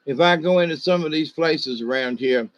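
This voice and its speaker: A man's voice: fairly high pitch, no room sound, low-quality recording. An older man with a slight Southern US accent, hosting a livestream in a meandering, hesitant casual monologue full of fillers. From Ohio, USA. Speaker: livestream host.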